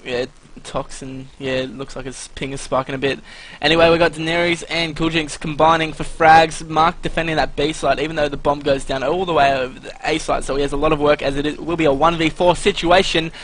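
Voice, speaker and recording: Fairly high-voiced male color commentator. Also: level tone, a little fast, a bit bright, rough recording. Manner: analytic, laced with "uh" and "anyway" fillers. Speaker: esports commentator. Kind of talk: live color commentary and stat rundown.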